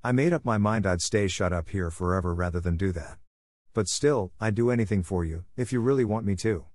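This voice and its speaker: A man's voice: lowish voice, fairly quick, a little mellow, no room sound, clean studio sound, close to an everyday voice. A man voicing an imaginative, dramatic young orphan girl who pleads earnestly and theatrically. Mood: thoughtful. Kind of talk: audiobook character reading.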